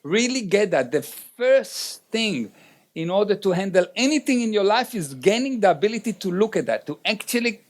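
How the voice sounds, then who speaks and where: A man's voice: high-pitched, very animated, normal speed. A man giving a motivational seminar talk in non-native English, direct and often checking in with the audience. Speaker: seminar speaker.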